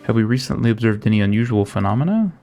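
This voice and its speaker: A man voicing a gentle, devoted woman of a city in a game, reading her lines in formal, old-fashioned phrasing. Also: on the low side, lively intonation, rapid-fire, creaky, faint music behind. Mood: earnest. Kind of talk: reading game dialogue aloud.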